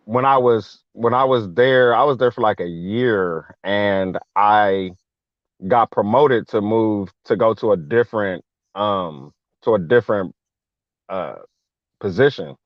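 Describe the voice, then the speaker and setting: A man's voice: on the low side, slow, dry recording. A man telling a long personal story in casual chat, slangy, acting out the people he quotes. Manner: animated, slangy, acts out quoted voices. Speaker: guest veteran. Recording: dull lo-fi dry sound.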